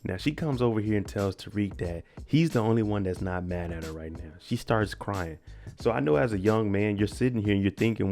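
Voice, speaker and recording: A man talks through a TV episode in a relaxed, casual way, often jumping into characters' lines with a higher, animated voice. His voice sits low with a gravelly edge, and faint music plays underneath. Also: fairly quick. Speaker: TV recap host. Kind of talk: casual show recap commentary.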